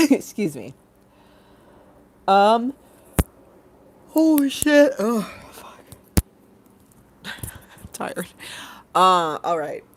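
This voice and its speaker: A woman from the United States hosting a casual livestream, hoarse after a flu, rambling and joking, swearing freely and drifting into tangents. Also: mid-range voice, big pitch swings, very slow, long pauses, slight background noise. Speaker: livestream host.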